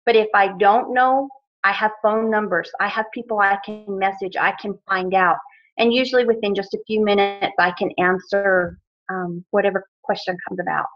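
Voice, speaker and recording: A woman's voice: mid-range voice, fairly even intonation, normal speed, soft background music. Earnest woman on a muffled phone line. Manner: modest, earnest, hesitant with many ums. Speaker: team member sharing tips. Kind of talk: conference call testimony.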